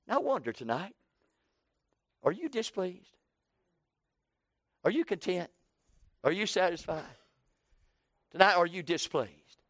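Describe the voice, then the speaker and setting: A man's voice: medium pitch, fairly bright tone, dry recording. A man preaching an evening sermon, emphatic, with repeated rhetorical questions and lists.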